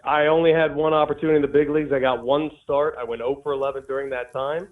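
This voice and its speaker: Male guest on a phone line, fast animated storyteller, tinny sound. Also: on the high side. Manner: animated storyteller, acts out quotes. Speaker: former baseball player guest. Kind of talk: casual interview storytelling. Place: outdoors on a golf course.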